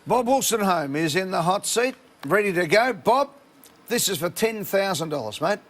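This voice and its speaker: A man's voice: sits high, lively intonation, a bit bright. A man with an Australian accent hosting a quiz show, cracking teasing jokes with contestants. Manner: teasing, quick banter. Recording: studio with music and audience.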